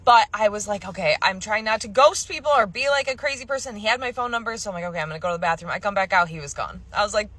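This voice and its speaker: A woman's voice: medium pitch, rapid-fire, few pauses, a bit bright. A woman telling a dating story to camera in a blunt, profane way, acting out what each person said. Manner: blunt and profane, quotes herself and others. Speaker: storyteller in a clip.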